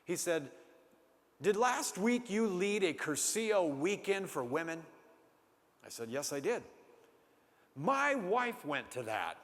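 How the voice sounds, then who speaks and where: A man preaching as a storyteller, lively and acting out the scene, then dropping to a hushed voice for tender moments. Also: sits high, a little slow, pauses often. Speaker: speaker. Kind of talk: storytelling sermon. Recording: long hall reverb.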